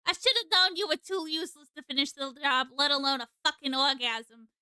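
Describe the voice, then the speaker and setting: A woman voicing a foul-mouthed, bossy adult woman coworker with a loud, brash, threatening delivery, reading a visual novel aloud. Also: sits high, brisk, no echo. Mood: brash scolding. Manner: loud, profane, bossy tirades with a faintly East Coast lilt.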